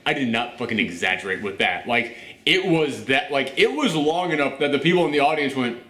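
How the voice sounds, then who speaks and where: A man's voice: mid-range voice, brisk. A man hosting a casual spoiler review of a movie, talking animatedly and swearing a lot. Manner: animated, swearing, with acted asides. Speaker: movie reviewer and channel host. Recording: echoey room.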